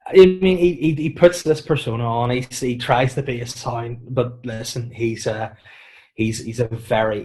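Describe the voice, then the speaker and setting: A man with a Northern Irish accent, a comedian guest chatting casually on a podcast, acting out quotes and giving deadpan mock warnings. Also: medium pitch, a little slow. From Northern Ireland.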